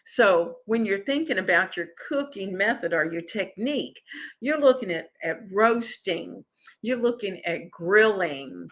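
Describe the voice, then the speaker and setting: A woman's voice: medium pitch, lively intonation, measured pace. A middle-aged woman hosting a cooking show, talking casually and unhurriedly about healthy cooking and answering viewer comments. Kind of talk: casual live-stream cooking talk.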